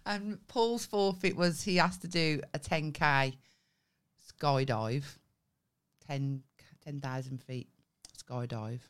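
Low-voiced woman in blunt comedy banter. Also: slow, pauses often, clear, resonant tone. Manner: blunt, swears freely, laughs often. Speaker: comedy podcast co-host.

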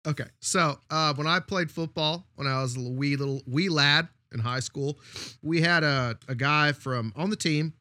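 A young man co-hosting a podcast, telling crude stories in a profane, animated way. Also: a little high, normal speed, no echo. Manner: profane, animated, laughing storyteller. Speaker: podcast co-host. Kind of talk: casual crude storytelling.

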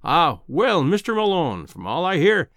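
A man's voice: fairly high pitch, very animated, measured pace, a bit bright, no echo, studio quality, exaggerated voice. A man voicing a kindly, fussy old Scottish newspaper editor in an audiobook.

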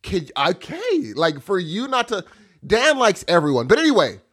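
A man's voice: high voice, big pitch swings, moderate pace, a bit bright. A man co-hosting a podcast in casual, playful banter, easily amused. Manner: playful, amused, repeats phrases. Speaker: podcast co-host.

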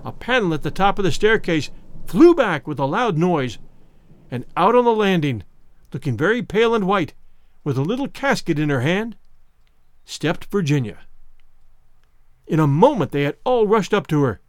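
A man narrating a classic story in a measured, expressive reading. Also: high voice, no echo. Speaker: audiobook narrator.

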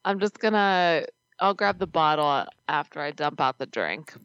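A woman co-hosts a podcast in blunt, joking chat, cursing offhandedly as she talks. Her lowish voice moves around a lot in pitch. The audio is dry and a little dull, as from a remote setup. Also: expressive, moderate pace, fairly bright tone, clean tone, no echo. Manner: blunt and joking, swears casually. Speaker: podcast co-host. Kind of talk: casual chat.

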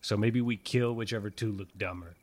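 A man's voice: on the low side, fairly even intonation, brisk. A man playing a tabletop role-playing game, speaking earnestly and proposing plans in character. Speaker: player.

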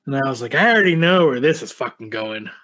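A man's voice: mid-range voice, fast. A man telling a story in casual chat, swearing often and acting out the people in it. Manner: profane, animated anecdote telling.

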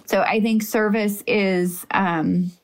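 A woman in casual conversation, telling anecdotes in an animated, candid way. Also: mid-range voice, slow pace. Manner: animated storyteller, acts out quotes. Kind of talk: casual chat.

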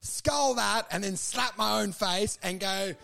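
A man's voice: sits high, unhurried, vocal fry, soft background music. A man hosting a podcast, trading crude, profane comedic banter and riffing animatedly. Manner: animated, profane, launches into mocking voices. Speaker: podcast host.

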